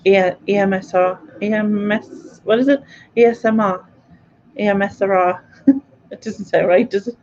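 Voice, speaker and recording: A British woman with a mid-range, slightly mellow voice hosts a casual live quiz stream at a moderate pace, chatting with viewers and laughing often. The stream audio is dull and lo-fi.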